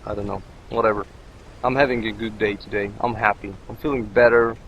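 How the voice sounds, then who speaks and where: A man's voice: fairly low pitch, little pitch movement, moderate pace, fairly bright tone, a little hiss or hum, poor audio. A man who is not a native English speaker, rambling and joking as he comments on his gameplay. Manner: rambling, jokey, talks to himself. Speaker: let's play commentator.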